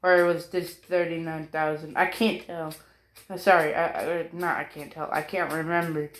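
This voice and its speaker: A woman's voice: sits low, level tone, moderate pace. A woman narrating a story in a loose, rambling way, often apologizing, getting distracted and swearing casually. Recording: roomy echo.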